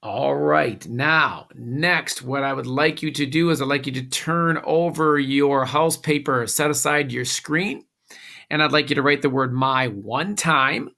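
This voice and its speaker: A man teaching a recorded classroom phonics lesson, giving slow, patient instructions with a few "uh"s. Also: medium pitch, gravelly, pushed and bright.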